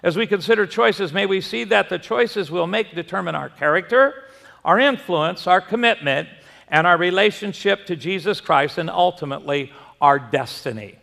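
A male pastor with a high, gravelly voice delivers a sermon in a church. He tells stories in a folksy way and puts questions to his listeners. Long reverb from the hall trails each phrase. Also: expressive, moderate pace, sharp tone. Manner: folksy storyteller, asks the congregation questions. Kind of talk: sermon with storytelling.

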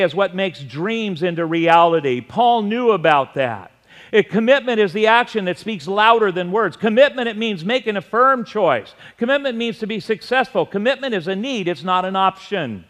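A middle-aged man preaching a sermon as pastor, telling stories in an animated way with shouted asides. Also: high voice, moderate pace.

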